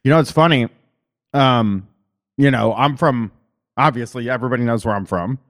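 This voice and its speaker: A man's voice: medium pitch, moderate pace. A man with a Midwestern accent hosting a call-in show, rambling and casual, with plenty of fillers and swearing. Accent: Midwestern American. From Columbus, Ohio.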